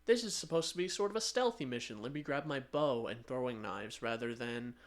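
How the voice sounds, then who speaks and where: A man's voice: medium pitch, animated, a little fast. A young man co-hosting a casual podcast, talking in a thoughtful, easygoing way and laughing easily. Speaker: podcast co-host. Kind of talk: casual chat.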